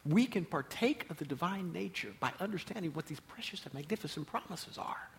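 A man's voice: a little high, lively intonation, brisk, gravelly, a little hiss or hum. A man preaching a sermon as pastor, emphatic and repeating his key phrases.

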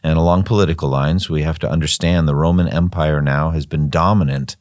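A man's voice: very deep voice, fairly even intonation, fairly quick, darkish tone, no echo, clean studio sound. An older man, a former missionary, talking through a Bible study in a thoughtful, rambling way, often repeating words as he thinks. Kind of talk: conversational Bible study discussion.

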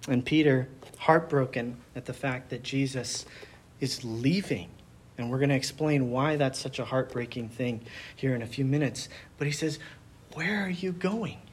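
A man's voice: medium pitch, fairly even intonation, normal speed, a little hiss or hum. A man leading a Bible study group, teaching in a casual, conversational way, asking the group questions and retelling scenes.

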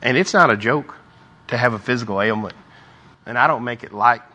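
A man's voice: medium pitch, brisk, sharp tone, dull audio. A man giving an informal Bible devotional, reading scripture aloud and breaking off for conversational asides. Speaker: lay preacher.

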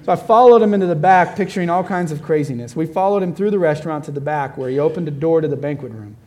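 Slightly high-voiced male preacher. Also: fast. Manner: animated storyteller who turns quiet and gentle at the close. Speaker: pastor. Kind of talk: sermon with storytelling.

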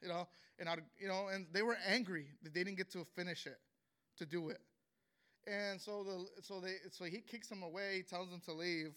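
A young man tells his testimony in a high, bright voice with a clear, resonant tone. He speaks earnestly and with feeling, often stopping and starting again mid-sentence. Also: fairly even intonation. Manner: earnest and emotional, halting with many restarts. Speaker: speaker sharing a personal testimony. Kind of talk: emotional spoken testimony.

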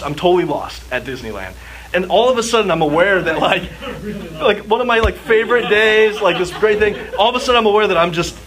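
A man's voice: high-pitched, a bit bright. A man from Southern California preaching to a live audience, telling a personal story in a chatty way with constant "like" and acted bits of his child self. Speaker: youth speaker. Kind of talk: storytelling sermon before an audience. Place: church gathering with live audience. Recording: audience noise in a hall.

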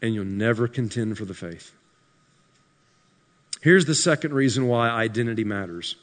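A pastor preaching a sermon to his congregation, building to shouted peaks and dropping into dry, sarcastic asides. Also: medium pitch, expressive, normal speed. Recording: live sermon in a reverberant hall.

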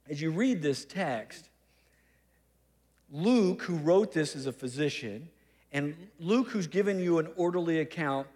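A man's voice: a little high, long reverb tail. A man preaching a sermon as pastor, conversational and humorous, with teasing asides.

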